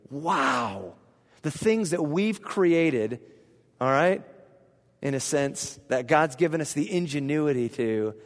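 Male pastor, slightly high voice, animated sermon delivery with questions to the congregation, long hall reverb. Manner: animated, asks the congregation questions, swings from hushed to loud.

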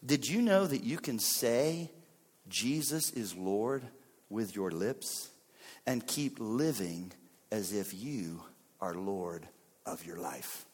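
A man preaching a sermon with dramatic delivery. He acts out the lines of biblical figures, swinging sharply between loud and soft. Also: animated, slow pace, husky, big-room sound. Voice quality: dramatic, voicing biblical figures with wide swings in pitch and loudness. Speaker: pastor.

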